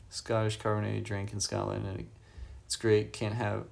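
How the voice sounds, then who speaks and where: A man's voice: fairly low pitch, completely flat delivery, normal speed, creaky, a little mellow. A man livestreaming from a hotel room on his phone, casually chatting and reading viewers' questions aloud with frequent chuckles. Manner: laid-back, reads chat questions aloud and chuckles often.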